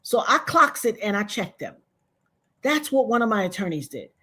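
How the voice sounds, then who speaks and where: A woman's voice: medium pitch, big pitch swings, normal speed, pushed and bright, slightly rough. A woman being interviewed who tells her story in a blunt, emphatic, profane way. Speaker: guest.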